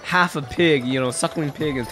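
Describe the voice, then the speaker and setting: A man's voice: fairly high pitch, moderate pace, bright, forceful tone, faint music behind. A young man narrating as game master of a tabletop game, in a casual, rambling way with many fillers.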